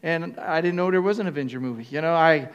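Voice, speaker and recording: A man's voice: a little high, clear, resonant tone, dull audio. An older male pastor preaching a sermon, calling on the congregation to answer back and often stopping to restart his phrases. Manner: call-and-response with the congregation; halting, with restarts and fillers.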